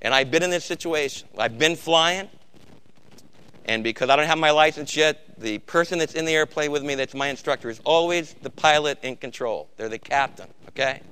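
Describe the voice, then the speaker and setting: A middle-aged man preaching to his congregation in a bright, ringing voice that stays clear and smooth. He swings between loud, emphatic bursts and quiet, intense stretches. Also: a little high, normal speed. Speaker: pastor. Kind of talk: sermon.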